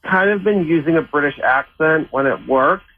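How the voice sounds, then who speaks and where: A man's voice: on the high side, moderate pace, no room sound. A man calling in to a radio show, confessing sheepishly. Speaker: caller. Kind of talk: phone call to radio show. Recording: tinny phone line.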